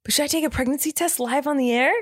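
A woman's voice: sits high, very fast, no room sound, studio quality. A woman in her thirties co-hosting a podcast, chatting casually, giggly and rambling. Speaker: podcast co-host. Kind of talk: casual chat.

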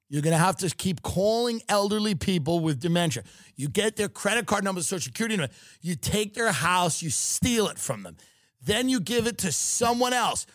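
A man's voice: sits high, a bit bright, no room sound, clean studio sound. A man riffing sarcastically in a comedic rant, swearing freely.

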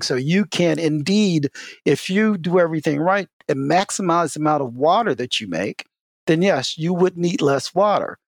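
A man speaking as an expert guest in a casual interview, telling stories in an animated way with many "you know" fillers. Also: dry recording, studio quality. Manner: lively, swings in pitch. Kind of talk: casual explanatory interview talk.

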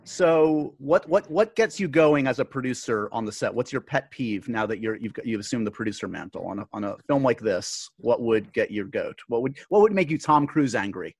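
A man's voice: mid-range voice, animated, moderate pace, hardly any pauses, slightly rough, no room sound. A man in his forties hosting a casual interview, joking and restarting his questions as he goes. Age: 40s. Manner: joking, stammering restarts, laughs easily. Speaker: podcast host.

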